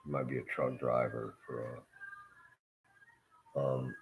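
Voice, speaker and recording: A man's voice: rumbling low, flat delivery, slow, phone-quality sound. A man livestreaming a rambling, casual monologue, swearing often and trailing off into fillers. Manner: profane, meandering, full of fillers.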